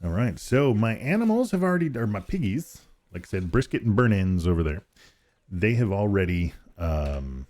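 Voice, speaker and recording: A man's voice: lowish voice, big pitch swings, normal speed, a little mellow. A man streaming a farming game, chatting casually with viewers, rambling, laughing often and restarting his sentences. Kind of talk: casual live-stream chat while gaming.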